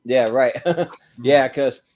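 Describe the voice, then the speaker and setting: A man's voice: mid-range voice, slow pace, darkish tone. A man hosting a casual movie podcast. He talks in a laid-back, rambling way, laughs often and eats while he talks. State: eating while talking. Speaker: podcast host.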